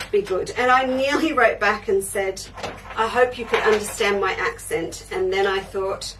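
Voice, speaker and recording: A woman's voice: mid-range voice, normal speed, noisy background. Chatty older woman, mic at a distance. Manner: chatty, reads out and answers viewer comments. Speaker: quilting show host. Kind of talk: live crafting show chat.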